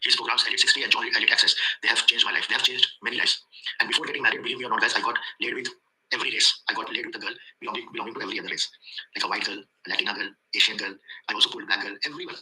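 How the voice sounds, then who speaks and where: A man with an Indian accent rushes through a casual testimonial, his voice bright and tense and set a little low. He rambles and circles back to the same points, with plenty of hesitations along the way. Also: steady tone, poor audio. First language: not English. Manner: rambling, repeats himself, many fillers. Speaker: student giving a testimonial.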